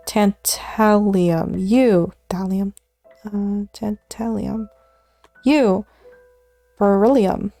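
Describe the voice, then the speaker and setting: Slow, mellow-voiced woman muttering to herself. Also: mid-range voice, gravelly, no room sound. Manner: muttering element names to herself, often dropping to a whisper; self-deprecating, laughs at her own slips. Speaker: streamer. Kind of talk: casual study stream chatter.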